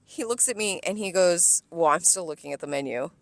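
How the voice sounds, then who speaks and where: Woman, low voice, dry sound, profane, animated storyteller, podcast host. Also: fairly quick, no echo. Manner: animated, profane venting with acted-out quotes. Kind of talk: casual storytelling chat.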